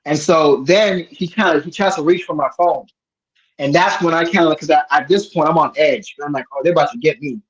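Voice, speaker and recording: Man, fairly high voice, rambling and animated storyteller, dull lo-fi sound. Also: moderate pace. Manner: rambling, animated, many restarts. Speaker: host. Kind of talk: casual storytelling chat.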